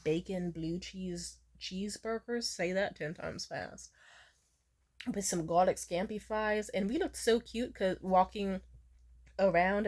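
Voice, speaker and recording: A young adult woman telling a casual storytime vlog, chatty and profane, squealing high when she acts out other people. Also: a little mellow. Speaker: vlogger.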